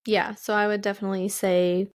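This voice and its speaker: A woman's voice: mid-range voice, flat delivery, a little fast, no echo. A woman co-hosting a podcast in casual chat, laid-back and teasing, laughing easily. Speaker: podcast co-host.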